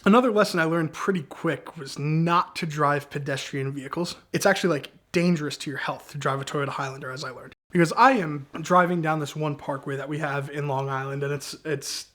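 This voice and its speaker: Young guy, kinda high voice, telling a story all animated, does the cops' voices. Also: fairly quick, few pauses. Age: young adult. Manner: animated, acts out the cops' shouting in quoted lines. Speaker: guest storyteller. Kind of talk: casual storytelling.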